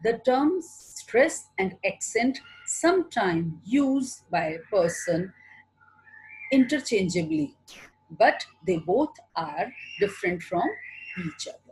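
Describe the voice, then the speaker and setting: A woman with an Indian English accent giving a recorded online lecture, explaining slowly and answering her own questions as a teacher. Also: mid-range voice, very animated, a little mellow, slight background noise, poor audio.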